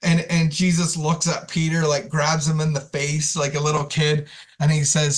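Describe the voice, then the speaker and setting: Slightly high-voiced man giving a casual spiritual talk. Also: monotone, moderate pace. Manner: conversational, repeats words, restarts often. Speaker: speaker sharing at a recovery community.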